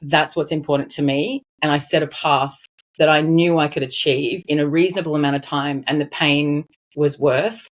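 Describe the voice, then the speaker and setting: Animated woman, lower voice. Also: moderate pace. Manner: animated, laughs often, emphatic. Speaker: financial advisor guest. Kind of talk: casual interview chat.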